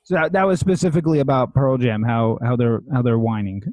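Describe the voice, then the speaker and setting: A man co-hosting a music podcast, easygoing and quick to laugh as he reads quotes and introduces clips. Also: mid-range voice, steady tone, a little mellow, dry recording. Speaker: podcast co-host. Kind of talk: casual chat.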